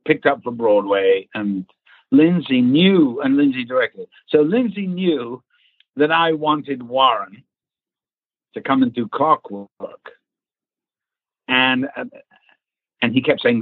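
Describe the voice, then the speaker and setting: A man, an actor, telling a casual anecdote in an animated way, acting out quotes, laughing and swearing freely. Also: medium pitch, slow, long pauses, husky, dry recording. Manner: animated storyteller who acts out quotes and laughs. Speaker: actor recounting a film casting. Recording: tinny phone-like line.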